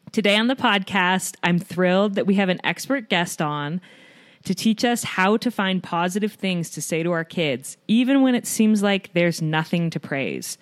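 A woman's voice: on the low side, dry recording, studio quality. A woman in her thirties hosting a podcast for moms, reading a scripted opening with light humor. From United States. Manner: warm, reads a written intro with light self-deprecating humor. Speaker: podcast host.

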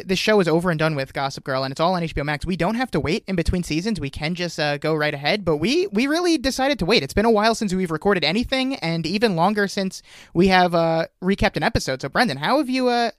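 A man hosting a casual podcast, talking in a halting way with many fillers and restarts. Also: high-pitched, no echo, clean studio sound. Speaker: podcast host.

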